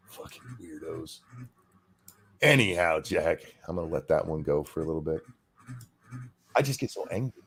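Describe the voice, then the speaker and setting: A man's voice: rumbling low, expressive, moderate pace, long pauses, a bit bright, husky. A man co-hosting a podcast, ranting in a heated, sarcastic, profane way. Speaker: podcast co-host. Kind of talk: casual podcast rant.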